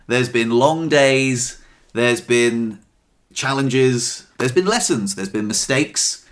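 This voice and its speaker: A man recounting his week to camera in a casual vlog, expressive and swearing freely, acting out what people said. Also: medium pitch, measured pace. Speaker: vlogger.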